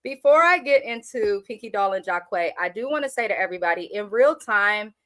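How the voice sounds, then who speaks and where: A woman, hosting a live, casual reality TV recap in a blunt, animated and profane way. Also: medium pitch, a little fast. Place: at work on a lunch break.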